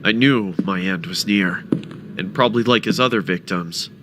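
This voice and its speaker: A man narrating a first-person horror story with a dramatic, expressive delivery. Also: low voice, normal speed, noisy background.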